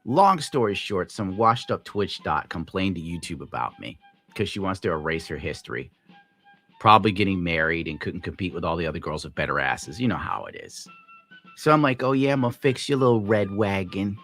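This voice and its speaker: A man's voice: low-pitched, very animated, fairly quick, a bit bright, soft background music. A tired man live streaming, telling a rambling, profane story in a grumbling way. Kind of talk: rambling livestream rant.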